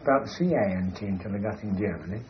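A man's voice: lowish voice, quick pace, muffled recording, a little hiss or hum. A man holding forth in an emphatic, lecturing way, often asking "you see". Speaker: speaker discussing language. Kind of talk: discursive monologue in conversation.

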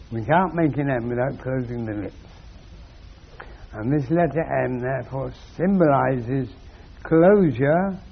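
A man giving a slow, measured spiritual lecture with long pauses. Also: mid-range voice, husky, dull audio.

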